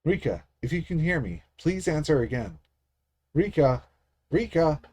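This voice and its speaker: A man's voice: a little high, sing-song, measured pace, a little mellow, slightly rough, pitched above the performer's own voice, heavily acted. A man voicing a meek girl spirit deity who stammers anxiously and apologizes. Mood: faint calling.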